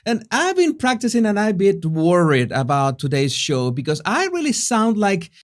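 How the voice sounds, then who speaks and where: A man hosting a commentary vlog, animated and chatty, with frequent fillers and restarts. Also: sits high, normal speed. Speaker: host.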